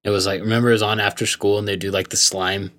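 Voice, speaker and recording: A man's voice: fairly low pitch, flat delivery, fast, fairly bright tone. A young man co-hosting a podcast, chatting casually with teasing jokes and swearing. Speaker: podcast co-host. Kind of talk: casual chat.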